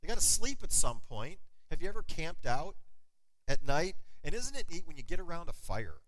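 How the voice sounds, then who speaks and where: A middle-aged man preaching a sermon as pastor, telling stories and slowing down to stress key words. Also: a little high, no room sound, rough recording. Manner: animated storytelling preacher, slows for emphasis.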